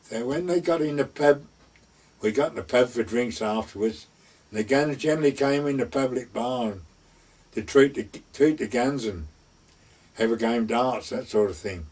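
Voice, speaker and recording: A man's voice: medium pitch, dark tone, distant mic. An older man with a rural North Essex and West Suffolk dialect, a gamekeeper telling his stories in a rambling way and acting out the talk in a raised voice. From North Essex/West Suffolk border, England. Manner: rambling, acts out dialogue in raised voice. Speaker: gamekeeper storyteller. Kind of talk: oral history storytelling.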